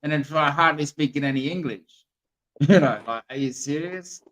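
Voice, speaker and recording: Mocking man, higher voice. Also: moderate pace, a bit bright, rough recording. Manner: mocking, laughing, swearing. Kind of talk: casual chat.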